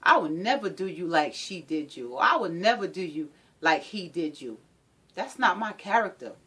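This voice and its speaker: A woman acting out a controlling, abusive male partner who swings between sweet talk and menace, pleading and shouting in a repetitive way. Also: lowish voice, big pitch swings, moderate pace, breathy edge, heavily acted. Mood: coaxing.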